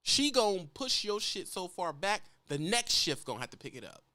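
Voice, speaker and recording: Blunt Louisiana trucker, lively high voice. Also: male voice, moderate pace, dry recording. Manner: blunt, profane, lecturing. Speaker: truck driver vlogger. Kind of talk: ranting vlog monologue.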